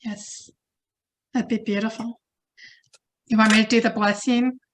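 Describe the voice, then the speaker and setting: A woman working as a channeler, giving a slow, chanted blessing in light language during a channeling session. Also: a little high, flat delivery.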